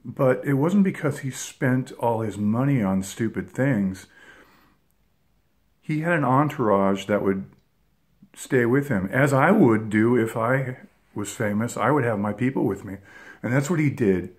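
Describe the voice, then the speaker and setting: A man in his fifties tells an old personal story at an easy, unscripted clip. He rambles, stops to restart his sentences and drops plenty of fillers along the way. His voice sits at an ordinary middle pitch. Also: lively intonation, measured pace. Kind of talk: casual anecdote.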